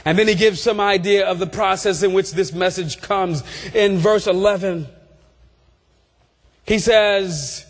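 A man preaching a sermon with passion, building through repeated phrases and rising to shouts. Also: high voice, unhurried. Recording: long reverb of a large hall.

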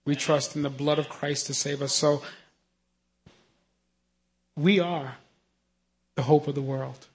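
A man preaching a sermon, talking conversationally and asking his listeners "you know what I mean?", moving between quiet earnest teaching and shouted hallelujahs. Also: fairly high pitch, fairly even intonation, takes it slowly, pauses often, slightly rough.

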